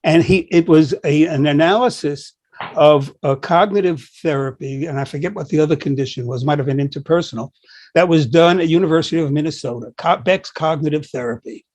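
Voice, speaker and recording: Older male co-host, higher-pitched, anecdotal and animated in conversation. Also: fairly quick. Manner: anecdotal storyteller, acts out quoted dialogue. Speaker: podcast co-host, psychology professor. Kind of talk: conversational discussion.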